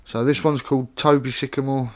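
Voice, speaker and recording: Reading rhyming poems he wrote himself, a man from Staffordshire, England, speaks plainly and conversationally, with offhand introductions between pieces. His voice is medium-pitched and somewhat dark, delivered flatly and fairly quickly.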